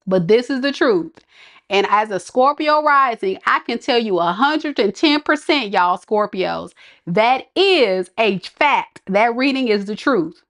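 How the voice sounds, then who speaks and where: A woman's voice: on the high side, animated, normal speed, a bit bright. A woman tarot reader scolding her live viewers in an exasperated, laughing rant.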